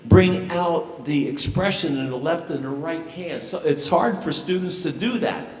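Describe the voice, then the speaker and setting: Chatty man, piano teacher, slightly high voice. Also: measured pace. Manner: chatty, joking, with uhs. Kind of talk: casual remarks to an audience. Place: church sanctuary. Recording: roomy church echo with long reverb.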